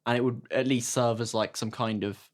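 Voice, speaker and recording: Male co-host, mid-pitched, thoughtful and explanatory. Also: fairly even intonation, fairly quick. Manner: thoughtful, explains ideas step by step. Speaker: podcast co-host. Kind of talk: casual chat.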